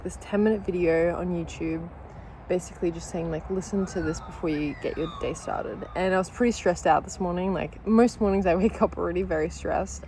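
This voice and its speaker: On poor audio with a little hiss or hum, a woman with a lowish, darkish voice vlogs casually over breakfast at home, her dogs nearby. She's candid and swears freely, overcome with emotion and laughing on the edge of tears.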